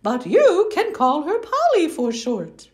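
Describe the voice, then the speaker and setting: A woman voicing a kind, patient mother frog in a high, sing-song tone. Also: huge pitch swings, slow, darkish tone, a little hiss or hum, heavily acted. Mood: gentle.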